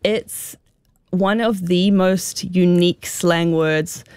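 A woman's voice: lowish voice, steady tone, slow pace, darkish tone, clear, resonant tone, dry recording, clean studio sound. A woman with a New Zealand accent, a guest expert explaining slang in a radio interview, talking with many fillers like "sort of" and "um".

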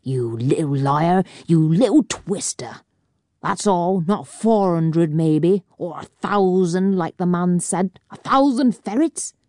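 A woman voicing a brash, rough-spoken working-class man with blunt, rustic country speech, in a storybook reading. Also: rumbling low, moderate pace, mellow, no room sound, studio quality, exaggerated voice. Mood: scornful.

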